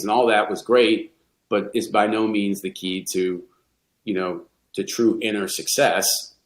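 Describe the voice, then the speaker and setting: A middle-aged man, a golf coach, speaking candidly and reflectively in a podcast interview, often restarting his sentences. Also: on the low side. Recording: roomy echo.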